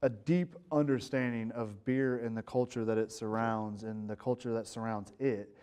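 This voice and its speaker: A man hosting a casual interview in an ordinary mid-range voice. He builds his questions slowly, with fillers along the way. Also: mid-range voice, fairly even intonation, mellow, clear, resonant tone. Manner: long, rambling questions with fillers. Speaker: interviewer host.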